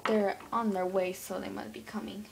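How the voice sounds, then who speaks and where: A woman voicing an easily excited young daughter pet in a home-made toy pet role-play, gushing and tripping over her words. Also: medium pitch, normal speed, gravelly, background noise, natural voice. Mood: giddy.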